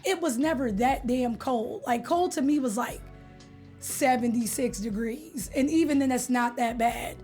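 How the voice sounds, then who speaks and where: A woman's voice: fairly high pitch, unhurried, dark tone, soft background music. A young adult woman from California, streaming and chatting casually with her viewers in a playful, slangy way, greeting them by name. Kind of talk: casual chat with live viewers.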